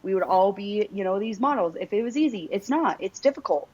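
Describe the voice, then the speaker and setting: A woman's voice: mid-range voice, lively intonation, brisk, a little mellow, husky. A woman hosting a podcast, talking emphatically and bluntly, swearing and leaning on "like" and "right?". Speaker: podcast host. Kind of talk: casual podcast conversation. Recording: dull lo-fi recording.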